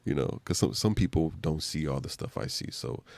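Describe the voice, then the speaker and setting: A man with an extremely low, gravelly voice talks loosely on a live stream. He rambles in casual slang and leans on fillers as he goes. The gravel in his voice is strong throughout. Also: expressive, brisk, a little mellow, dry recording.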